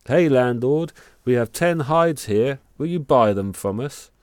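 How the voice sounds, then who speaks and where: A man voicing a greedy rogue who blusters loudly at a landlord. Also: medium pitch, expressive, unhurried, no echo, studio quality, voice pushed up, lightly acted. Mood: blustering. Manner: loud, blustering. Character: greedy brutish rogue brothers.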